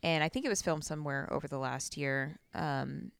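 A woman with a slightly low, smooth and clear voice, chatting casually as a co-host. She rambles, laughs easily and loses her train of thought. The sound is close and dry. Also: moderate pace, dry recording. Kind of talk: casual chat.

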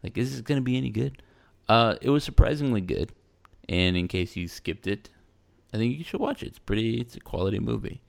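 A man's voice: mid-range voice, lively intonation, a little fast, gravelly. A man, co-hosting a podcast in rambling, self-mocking casual chat. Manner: rambling, loose and self-mocking, with playful put-on quotes. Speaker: podcast co-host.

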